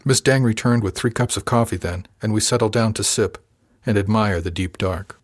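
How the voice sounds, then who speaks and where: An audiobook narrator with a fairly low voice reads a first-person novel aloud, measured in pace and lightly voicing the characters. Music plays in the background.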